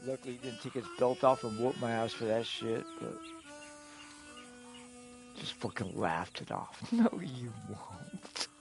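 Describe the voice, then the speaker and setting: A man's voice: mid-range voice, a little slow, long pauses, soft background music. A middle-aged man telling stories casually on a live stream, rambling and profane, often chuckling.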